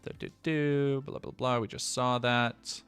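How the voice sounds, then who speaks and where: A man's voice: mid-range voice, little pitch movement, a little slow, fairly bright tone, clear, resonant tone, faint music behind. A man streaming, reading news headlines aloud and reacting with sarcastic asides. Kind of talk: casual stream commentary.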